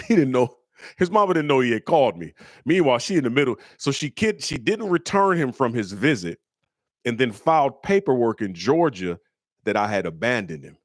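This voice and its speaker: A middle-aged man from Michigan hosting a comedy call-in show. He tells stories in casual slang, acts out the people he quotes in a higher voice, and turns blunt and preachy. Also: sing-song, fairly quick, no echo, clean studio sound. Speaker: comedian host answering listener questions. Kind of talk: casual storytelling chat.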